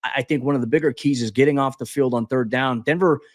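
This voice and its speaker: A man talks football at a rapid clip, stumbling over his first words and pressing ahead. His mid-range voice sounds close and dry, with no room around it. He is a guest host on a sports podcast. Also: mid-range voice, no room sound. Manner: rapid, animated, frequent stammered restarts. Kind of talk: casual sports analysis chat.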